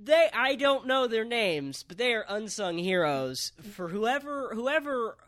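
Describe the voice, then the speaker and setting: High, bright, lively-voiced man recapping. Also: a little slow. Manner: animated, profane play-by-play. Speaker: podcast co-host. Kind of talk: casual chat recapping a match.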